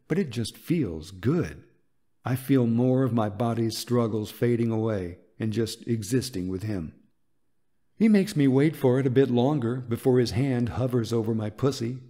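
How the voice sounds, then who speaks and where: A man narrating a romance audiobook in a soft, unhurried and intimate reading. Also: medium pitch.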